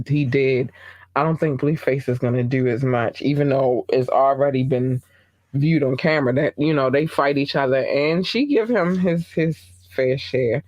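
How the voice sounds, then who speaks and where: A woman's voice: extremely low pitch, no echo. A woman hosting a casual gossip podcast, chatty with many fillers and asides. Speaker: podcast host.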